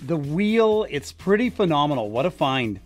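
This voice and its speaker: A man's voice: a little high, sing-song, normal speed, soft background music. A man co-hosting a morning radio show, chatting in a playful, enthusiastic way in a studio. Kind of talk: casual radio banter.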